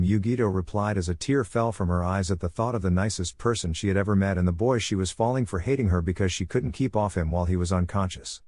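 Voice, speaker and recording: A man narrating a fan-fiction story in a steady, even reading voice. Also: low-pitched, quick pace, few pauses, no room sound.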